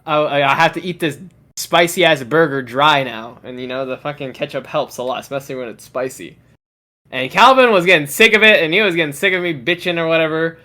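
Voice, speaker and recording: A man's voice: fairly high pitch, bright, forceful tone. A young man co-hosting a podcast, telling a story in casual chat with constant swearing. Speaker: podcast co-host.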